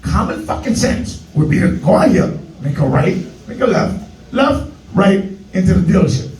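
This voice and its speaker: A high-voiced man from New York works a comedy club stage with a brash, profane stand-up routine. He is picked up from a distance, so the sound is roomy and echoing. Music plays behind him. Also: big pitch swings, moderate pace, darkish tone. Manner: brash, profane, street slang, puts on voices.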